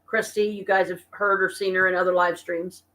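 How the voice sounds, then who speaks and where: An exhausted, stressed woman venting to her viewers in a casual live-stream chat from her apartment, talking slowly and haltingly. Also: on the low side, level tone, a bit bright. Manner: weary, venting, slow and halting. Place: home apartment.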